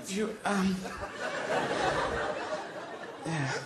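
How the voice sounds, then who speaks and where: A man performing a slow, meandering stand-up comedy routine that often trails off. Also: high-pitched. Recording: roomy live venue with loud audience noise.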